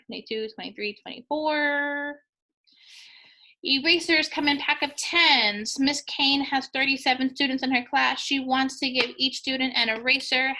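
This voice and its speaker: A woman's voice: mid-range voice, vocal fry, sharp tone, low-quality recording. A woman teacher talking students through a math review, chatty and encouraging, joking with the class as she counts out answers.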